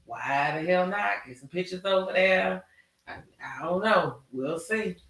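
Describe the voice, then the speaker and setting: High, bright animated man in echoey room. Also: measured pace, far from the mic. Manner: animated, drawling storyteller with Southern slang. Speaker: podcast host. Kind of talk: casual chat.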